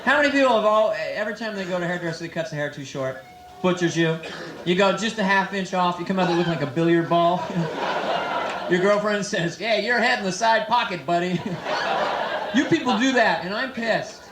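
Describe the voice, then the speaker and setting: Brief: high-voiced young male comic, crowd-teasing stand-up, echoey club with audience noise. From San Francisco. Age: 20s. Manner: loose, teasing crowd work with quick put-on voices. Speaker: stand-up comedian. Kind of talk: live stand-up set. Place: comedy club. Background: audience laughter.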